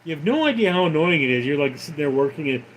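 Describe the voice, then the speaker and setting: A man hosting a casual livestream, reading viewer comments aloud and answering with sarcastic, deadpan replies. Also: a little high, fast, slight background noise, low-quality recording. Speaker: livestream host reading chat.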